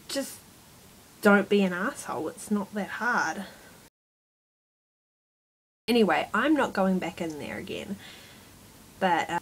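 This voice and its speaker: Brief: woman vlogger, unhurried delivery, exasperated and self-mocking, casual storytime. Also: on the low side, low-quality recording.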